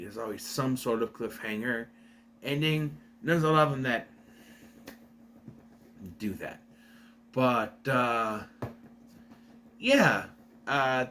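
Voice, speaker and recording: A man's voice: mid-range voice, bright, forceful tone, slight background noise. A young man giving a casual, rambling review, recapping a plot and correcting himself as he goes. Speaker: video reviewer.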